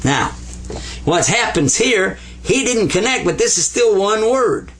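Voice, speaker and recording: A man teaching Arabic letters at a board, patient and playful, repeating each sound slowly for learners. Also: sits high, big pitch swings, fairly bright tone. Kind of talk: whiteboard language lesson.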